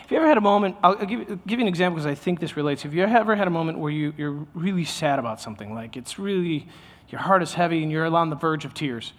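A man's voice: fairly high pitch, animated, fast, big-room sound. A man preaching a sermon in a loose, conversational way, often restarting his sentences. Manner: conversational, self-interrupting, with many restarts. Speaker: pastor.

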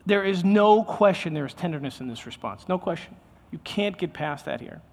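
A man's voice: high voice, expressive, normal speed, a little mellow, in a large hall. A man preaching a sermon in a loose, conversational way, often restarting his sentences. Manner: conversational, self-interrupting, with many restarts. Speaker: pastor.

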